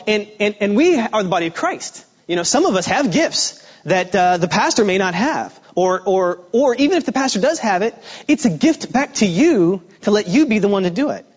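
A man giving a guest sermon in a relaxed, conversational way, with fillers and restarts. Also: high voice, highs cut off. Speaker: guest preacher. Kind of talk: sermon with a joke opener.

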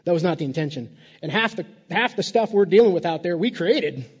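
A man's voice: sits high, animated, a little fast, breathy edge, long reverb tail, dull audio. A man preaching a sermon in a conversational way, repeating words and adding playful asides. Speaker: pastor.

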